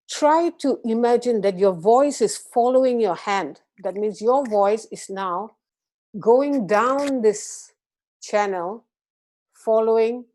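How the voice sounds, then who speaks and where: A woman from Malaysia guiding a group through a gentle voice and breathing exercise, patient and encouraging. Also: on the high side. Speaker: voice and meditation instructor. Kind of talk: guided voice exercise class.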